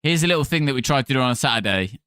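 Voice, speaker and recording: Chatty male streamer with a smooth voice. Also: mid-range voice, animated, racing, fairly bright tone, no room sound, studio quality. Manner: chatty, thanks viewers by name, playful. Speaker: live streamer. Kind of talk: casual live-stream chat.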